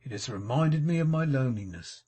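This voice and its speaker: A man reading a sanctimonious mournful gentleman. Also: medium pitch, lively intonation, fairly quick, natural voice. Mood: confiding. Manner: mournful, unctuous, confiding. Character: sanctimonious, self-pitying middle-aged male architect. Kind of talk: audiobook character reading.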